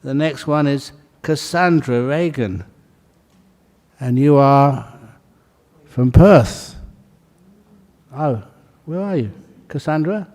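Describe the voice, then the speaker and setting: A Buddhist monk leading a ceremony, calling out names in a casual, joking way and laughing between them. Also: male voice, fairly high pitch, slow pace, pauses often, a little mellow. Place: large hall.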